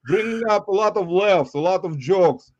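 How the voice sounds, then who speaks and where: A man's voice: high voice, lively intonation, moderate pace, a little hiss or hum. A man hosting a casual livestream chat, joking loosely and laughing often as he welcomes people. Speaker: livestream host. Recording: dull, lo-fi stream audio.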